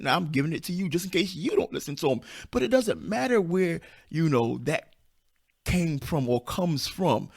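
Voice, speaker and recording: A man in his fifties with a squeaky voice, hosting a podcast as a self-publishing coach and speaking off the cuff in a blunt, emphatic way, repeating his key points. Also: creaky. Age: 50s. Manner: blunt and down-to-earth. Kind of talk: unscripted motivational podcast monologue.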